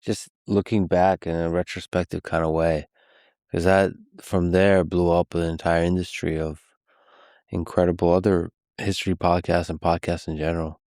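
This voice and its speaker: A male podcast host asking measured, admiring questions in a long-form interview. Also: deep voice, level tone, a little mellow, dry recording, studio quality.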